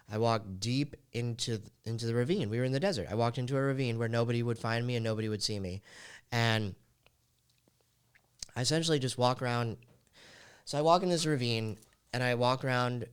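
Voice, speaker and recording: Low, smooth-voiced man telling a confession. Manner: emotional confessional storytelling with casual fillers. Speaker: podcast host. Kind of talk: personal storytelling podcast.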